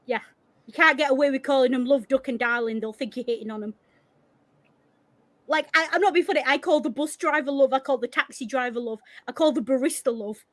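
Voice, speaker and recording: A woman with a Yorkshire accent chatting casually on a podcast, animated and blunt, swearing freely. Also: high voice, fairly quick. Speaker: podcast co-host. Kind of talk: casual chat.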